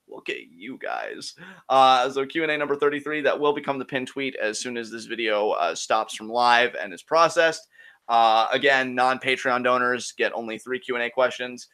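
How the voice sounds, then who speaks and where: A man's voice: medium pitch, bright, forceful tone. A man co-hosting a live-streamed Q&A show, chatting casually and launching into heated, profane rants. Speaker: co-host of a Q&A show.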